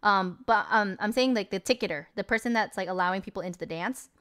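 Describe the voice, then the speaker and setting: A woman's voice: medium pitch, quick pace, fairly bright tone, clear, resonant tone. A young adult woman streamer chatting casually, telling a long story in a rambling, incredulous way with lots of fillers. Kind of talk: casual stream chat recapping a movie.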